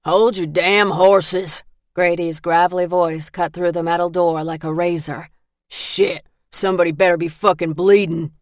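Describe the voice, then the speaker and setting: A woman narrator voicing a gruff middle-aged male carnival boss with a gravelly, coarse way of talking. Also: lowish voice, flat delivery, normal speed, few pauses, a little mellow, dry recording, studio quality, natural voice. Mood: angry. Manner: coarse, bitter, swears freely.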